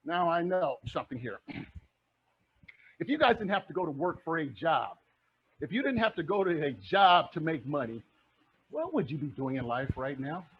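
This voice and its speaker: A husky, high-pitched man fires question after question at a club audience in an upbeat investing pitch. The sound is dull and lo-fi. He talks with the push of a motivational presenter. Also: big pitch swings, normal speed, long pauses. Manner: acts out the audience's replies. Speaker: real estate investor and presenter. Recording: dull lo-fi recording.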